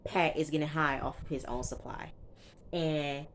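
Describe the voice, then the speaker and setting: A woman reviewer recapping a TV episode in a casual, slangy, chatty way, tossing in quick asides as she goes. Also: sits low, steady tone, a little hiss or hum. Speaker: TV show reviewer.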